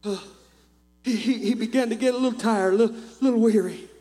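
In a sermon to his congregation, a man with a very high voice speaks fairly quickly in a steady tone, shifting from quiet asides to impassioned shouts. A long hall reverb trails his words, and a faint mains hum runs underneath.

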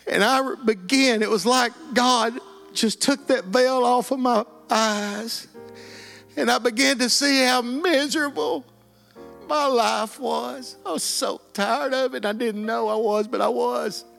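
Soft music plays in the background as a middle-aged man from Texas, speaking with an East Texas accent, shares his life story in an emotional testimony. An earnest, plainspoken guest, he talks unhurriedly in a very high, creaky, somewhat bright voice.

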